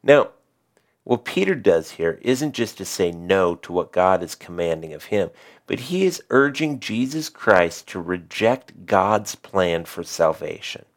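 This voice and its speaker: Low-voiced man preaching with emphasis. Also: sing-song, measured pace. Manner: emphatic preaching, rising on key lines and dropping to soft, quiet asides. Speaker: pastor. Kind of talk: sermon.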